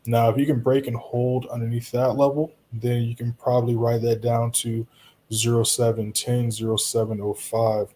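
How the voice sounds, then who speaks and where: A man hosting a live stream in a relaxed, reassuring way, chatting to viewers and answering their comments. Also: mid-range voice, normal speed, slight background noise. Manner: relaxed, reassuring, talks straight to viewers with frequent "you know" and "right?".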